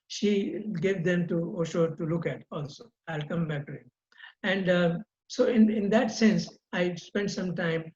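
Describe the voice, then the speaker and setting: An older man, a guest recounting personal memories in an earnest, halting way with frequent repeated words. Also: sits high, darkish tone. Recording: roomy, dull lo-fi sound.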